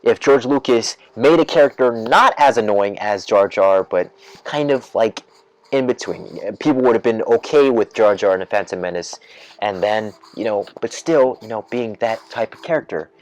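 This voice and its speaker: A man with a lowish voice holds forth on his podcast in a loose, rambling rant. He circles back over his points with plenty of fillers and false starts. His energy climbs and his voice gets louder whenever an idea takes hold. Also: normal speed, no echo. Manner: rambling, heavy with fillers and restarts; grows excited and loud when imagining twists. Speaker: podcast host. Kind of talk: casual rant.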